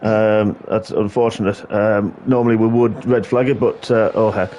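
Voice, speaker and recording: A man co-hosting a racing league stream, talking with many pauses and fillers as he announces drivers. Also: fairly low pitch, fairly even intonation, mellow, slight background noise. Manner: hesitant, lots of uhs and ums. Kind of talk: live stream chat commentary.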